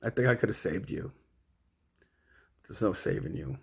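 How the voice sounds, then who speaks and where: A man's voice: on the low side, very animated, moderate pace, creaky, husky. A middle-aged man rambling at home, swearing and confronting an absent rival in a long monologue. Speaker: vlogger.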